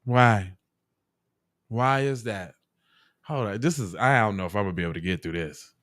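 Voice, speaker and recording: A man hosting a podcast, reacting to clips in loud, mocking casual commentary full of swearing. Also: fairly low pitch, moderate pace.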